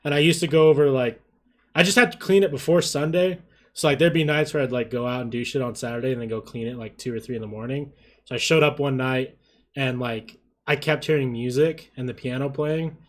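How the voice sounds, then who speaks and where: A man's voice: mid-range voice, steady tone, fairly quick. A man co-hosting a casual podcast, telling a short story in an easygoing way with plenty of fillers like "like" and "uh". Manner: easygoing, summarizing, filler-heavy. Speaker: podcast co-host.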